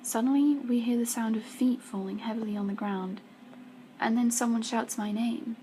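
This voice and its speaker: Soft-spoken woman reading a story. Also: fairly high pitch, steady tone, normal speed, a little hiss or hum, rough recording. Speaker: student reader. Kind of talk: reading a first-person romance story aloud.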